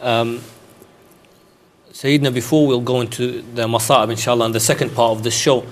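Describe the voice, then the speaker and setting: A male host with a mid-range voice leads a religious talk show, framing questions in a measured, unhurried way. He pauses with a few hesitant fillers, and faint noise sits under his voice. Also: medium pitch, level tone.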